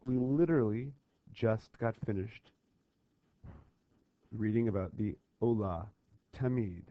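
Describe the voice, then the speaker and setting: A male teacher talking students through a worksheet on a Talmud text, with lively call-and-response drills and repeated checks for understanding. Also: on the low side, slow, dry recording. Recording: dull lo-fi voice recording.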